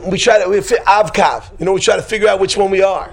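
A man whose voice is high, gravelly, and steady in tone teaches a group during an informal religious session. He goes off on tangents and laughs quickly at his own jokes before moving into a strong preaching delivery.

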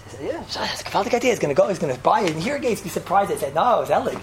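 A woman teacher giving a casual religious talk, telling stories in an animated way and mixing in Hebrew and Yiddish terms. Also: very fast, crowd noise. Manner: jumps to high pitch when acting out story lines. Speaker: seminary teacher.

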